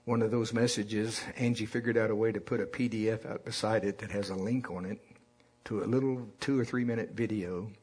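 A man's voice: lowish voice, fairly even intonation, brisk, darkish tone, husky. A man preaching a sermon in a folksy storytelling way, having the congregation repeat lines after him. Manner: folksy storytelling with call-and-response.

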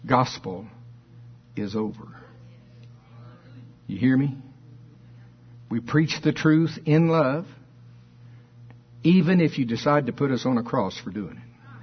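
A man's voice: mid-range voice, husky, dull audio. A man preaching a fervent sermon, reading scripture aloud and firing questions at his listeners. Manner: fervent, emphatic preaching with call-and-response questions.

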